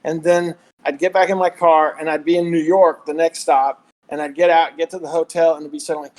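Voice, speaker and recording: A man's voice: a little high, flat delivery, a little fast, darkish tone, poor audio. A man from the American South with a Southern accent, telling rambling stories in a casual podcast chat, with lots of restarts. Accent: Southern American, Texas. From Southern United States. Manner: rambling storyteller with many restarts. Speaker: podcast guest.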